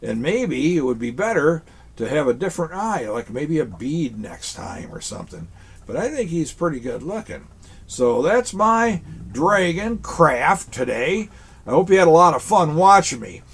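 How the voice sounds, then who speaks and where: A man's voice: a little high, sing-song, normal speed, vocal fry, breathy edge. A man playing Santa Claus in a children's craft show, chatting folksily to boys and girls as he works.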